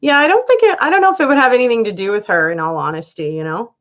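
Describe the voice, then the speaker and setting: A woman's voice: a little high, very fast, a bit bright, lo-fi sound. A woman hosting a casual live chat, greeting viewers by name and laughing often as she reads their comments. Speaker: live-stream host reading viewer comments.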